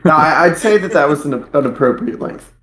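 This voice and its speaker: A man's voice: fairly high pitch, lively intonation, a little fast, a bit bright. Blunt male podcaster in an echoey room. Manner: blunt, swearing remarks. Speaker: podcast co-host. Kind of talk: casual podcast banter. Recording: roomy, echoey sound.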